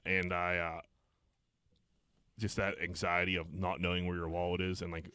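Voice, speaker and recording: A man's voice: low-pitched, little pitch movement, normal speed, pushed and bright, clean tone, dry recording, studio quality. A man with a Pittsburgh accent co-hosting a podcast, in laid-back, profane banter. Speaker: podcast co-host. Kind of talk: casual chat.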